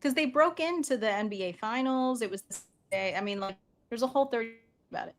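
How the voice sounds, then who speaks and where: A woman's voice: a little high, a little fast. A woman in her forties co-hosting a talk show, chatting casually and adding asides and facts. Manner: chatty, adds asides and backchannels. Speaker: podcast co-host. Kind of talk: casual chat.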